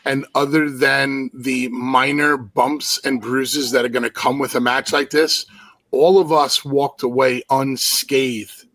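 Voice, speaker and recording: A man's voice: medium pitch, steady tone, measured pace, fairly bright tone, dry recording. A man speaking as a podcast guest, recounting past matches in an emphatic, reflective way. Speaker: guest wrestler. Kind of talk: casual chat.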